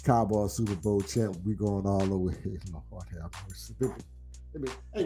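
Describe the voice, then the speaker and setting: A man's voice: on the low side, normal speed, warm tone, faint music behind. Boisterous man trash-talking. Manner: boisterous teasing trash talk, frequent laughter. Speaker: live-stream host. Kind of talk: casual live-stream banter.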